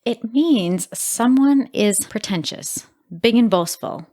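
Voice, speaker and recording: A woman co-hosts a casual podcast in a small studio. Her pitch swoops widely as she talks. She reacts with animated mock indignation. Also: slow. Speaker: podcast co-host. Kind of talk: casual chat.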